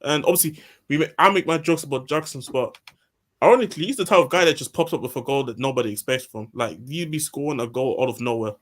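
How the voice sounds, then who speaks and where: A man's voice: mid-range voice, fast talker, a bit bright. A man in casual football chat who rambles and repeats himself as he makes his point.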